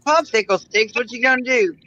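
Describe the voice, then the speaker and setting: A man from Long Island teases his friends with quick, repeated quips. His voice is high and bright. The recording sounds slightly dull. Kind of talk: casual banter.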